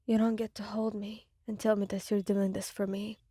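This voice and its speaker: A woman's voice: mid-range voice, flat delivery, normal speed, mellow, husky, no echo, clean studio sound, natural voice. Woman playing the hurt listener in a breakup ASMR story; trembling, defiant. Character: heartbroken young adult listener, trembling.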